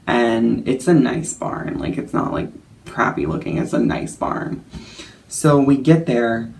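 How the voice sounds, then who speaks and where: A man's voice: mid-range voice, very animated, unhurried, gravelly, a little mellow, a little hiss or hum. A young man telling a story in a casual vlog, chatty and self-mocking, full of fillers and laughs. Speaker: vlogger.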